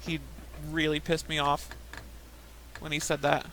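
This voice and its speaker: A young woman chats casually while gaming, drifting from anecdote to anecdote and laughing often. Her voice is bright and forward. She talks loosely, with restarts and asides. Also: low voice, level tone, a little slow, slight background noise, rough recording. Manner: rambling storytelling, frequent laughs. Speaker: gaming podcaster. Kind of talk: casual chat while playing a game.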